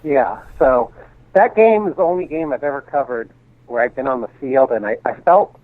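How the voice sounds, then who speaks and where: A man speaking as a guest reporter in a casual chat, measured and hesitant with dry humor. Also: mid-range voice, dry recording. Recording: tinny phone line, dry.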